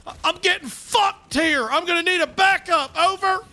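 A man putting on the voice of a frantic shouting army sergeant while playing a video game, barking radio-style orders. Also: very high-pitched, normal speed, voice pushed up, heavily acted. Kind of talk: in-character game commentary.

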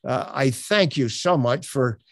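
An older man coaching on elevator pitches in an online presentation, earnest and promotional, with many uhs. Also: animated, unhurried, dry recording. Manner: filler-heavy, earnest, promotional. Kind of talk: webinar presentation. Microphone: webcam on a tripod.

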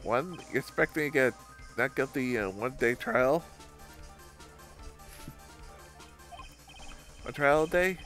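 A man's voice: medium pitch, expressive, normal speed, a bit bright, soft background music, close to an everyday voice. A man voicing a flustered young male defense lawyer in a video game, with exasperated questions. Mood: incredulous.

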